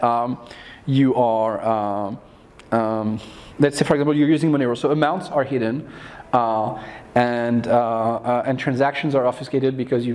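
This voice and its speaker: A man's voice: mid-range voice, a little mellow. A man, the founder answering an audience question at a meetup, explaining off the cuff with frequent restarts and fillers. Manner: thinking aloud, many restarts and fillers. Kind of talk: unscripted meetup talk.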